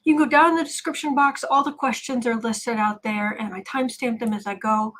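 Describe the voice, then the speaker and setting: Husky-voiced woman hosting a chatty livestream. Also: fairly high pitch, steady tone. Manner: chatty, fast-talking and blunt. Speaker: tarot reader and livestream host. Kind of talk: casual livestream chat.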